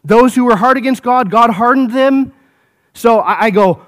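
Male preacher, high voice, fervent repeating delivery, addresses folks. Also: normal speed, fairly bright tone. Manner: exclaims and repeats phrases, addresses listeners as folks. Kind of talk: expository sermon.

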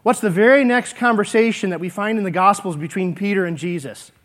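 A man preaching a sermon, earnest and repetitive, swinging between emphatic lines and hushed ones. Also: high voice, fairly quick. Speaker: pastor.

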